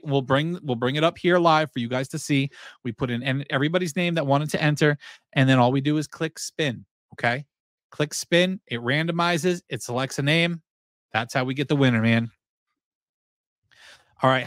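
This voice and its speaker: A man hosting a casual livestream chat, excitable, repeating himself and laughing often. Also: fairly high pitch, dry recording. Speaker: podcast host.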